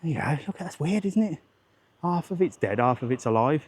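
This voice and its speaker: A man's voice: a little high, lively intonation, a little fast, a little hiss or hum. A man, chatting rambling and jokey on a live walking vlog outdoors, swearing casually, into a handheld phone. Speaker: travel vlogger.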